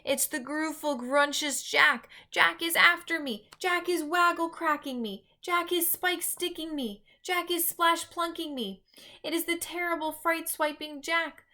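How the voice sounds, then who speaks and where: A woman's voice: very high voice, measured pace, sharp tone, pitched above the performer's own voice, heavily acted. A woman voicing a huge, child-eating male giant who bellows and screams in panic. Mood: terrified bellowing.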